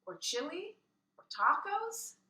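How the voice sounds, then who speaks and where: Matter-of-fact mother, read by a woman; slow, lively delivery, distant mic. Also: very high-pitched, pitched above the performer's own voice, full character voice. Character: patient adult mother at the dinner table. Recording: roomy sound from a distance.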